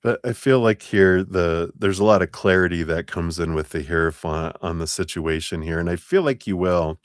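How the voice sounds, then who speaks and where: Deep-voiced guy doing live tarot readings, rambly and relaxed, dry close sound. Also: normal speed, no room sound. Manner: relaxed, musing, many fillers and restarts. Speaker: tarot reader.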